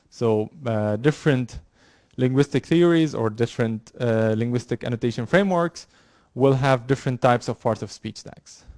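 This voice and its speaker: A male university lecturer explains concepts to a class, stumbling through fillers and repeated words as he goes. His voice sits at a middle pitch and is recorded dry, with almost no room echo. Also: a little mellow. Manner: halting, many fillers and restarts.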